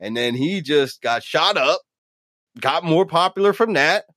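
An East Coast American man co-hosts a casual podcast, talking loosely, enthusiastically and with plenty of profanity. His voice is a little high, expressive and a bit bright, at a measured pace, with clean studio sound and no echo.

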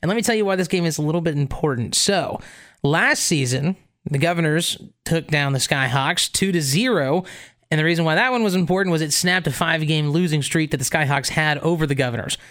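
A man's voice: a little high, brisk, fairly bright tone. A man co-hosting a sports talk show, laying out schedules and stats in an informative way. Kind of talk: sports talk, previewing games.

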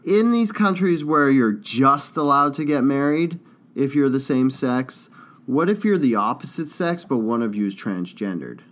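A man's voice: medium pitch, expressive, moderate pace, fairly bright tone. Joking man in casual podcast banter. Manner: joking, puts on accents mid-story. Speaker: podcast co-host. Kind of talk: casual comedic chat.

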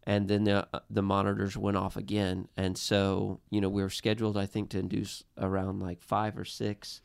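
A man in his thirties earnestly telling a personal family story, halting with frequent restarts. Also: on the low side, completely flat delivery, creaky, smooth, dry recording. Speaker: guest. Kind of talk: personal storytelling in a podcast chat.

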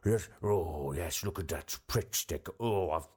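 A man's voice: low voice, a little slow, a little mellow, husky. A man doing a bumbling prime minister. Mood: greedy, gleeful. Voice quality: bumbling, rambling, full of filler. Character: blustering disgraced male prime minister, middle-aged. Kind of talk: comedy sketch phone call.

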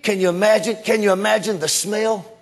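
A male preacher delivering an animated sermon that swings between hushed and shouted lines. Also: high-pitched, fairly quick.

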